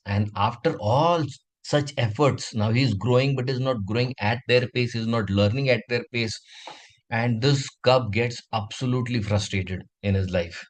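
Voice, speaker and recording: A man teaching a children's class, telling a moral animal fable in an animated way with drawn-out pauses. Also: medium pitch, low-quality recording. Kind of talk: storytelling for a kids' class.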